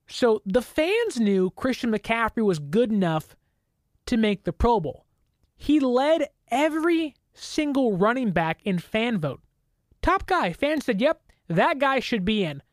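A woman giving an opinionated sports talk to camera, indignant and animated, slipping into mocking quoted voices. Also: fairly high pitch, no echo, clean studio sound. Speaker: sports commentator.

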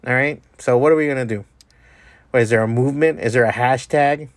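A man's voice: medium pitch, fairly quick, no room sound. Profane ranting man, dry close sound. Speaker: podcast host. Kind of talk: ranting solo podcast monologue.

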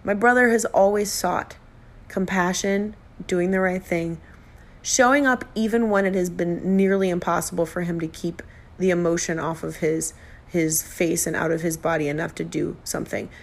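A middle-aged woman hosts her own podcast, delivering a heartfelt, emotional personal monologue with bits of self-deprecating humor. Her voice is on the low side and gravelly, with fairly even intonation at a normal speed.

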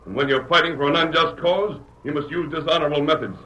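An actor playing a calm, firm frontier hero who gives steady orders. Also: male voice, on the high side, fast talker. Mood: resolute. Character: masked frontier hero, man, calm leader. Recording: echoey old radio broadcast, faint hiss.

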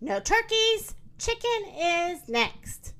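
A woman's voice: extremely high pitch, sing-song, slow, a bit bright, voice pushed up, heavily acted. A woman voicing a brash, bossy male rooster in a children's storybook reading, pushy and smug.

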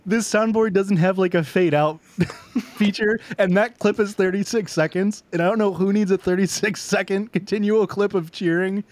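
A man's voice: high voice, fairly even intonation, moderate pace. A man co-hosting a podcast, joking wryly about the show. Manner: wry, joking. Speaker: podcast co-host. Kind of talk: casual chat.

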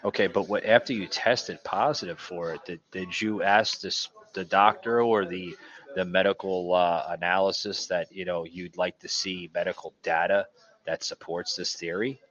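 A man with a very deep voice and a bright, forceful edge hosts a casual podcast. He talks haltingly, restarting sentences and filling gaps. The audio is dull and lo-fi. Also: fairly even intonation. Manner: hesitant, many fillers and restarts. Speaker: podcast host. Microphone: studio mic.

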